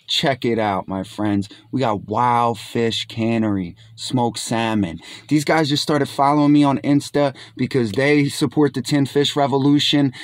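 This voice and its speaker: A man's voice: medium pitch, no room sound. A young man hosting a casual food review vlog, enthusiastic and exclaiming as he tastes, often calling out to his friends. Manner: enthusiastic, keeps saying "my friends"; exclaims while tasting.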